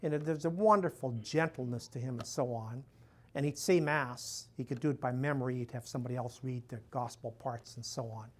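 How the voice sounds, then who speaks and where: Speaking a little fast at a medium pitch, an older priest addresses a live crowd with homespun charm. He laughs at his own jokes and leans on fillers like "you know" and "and so on."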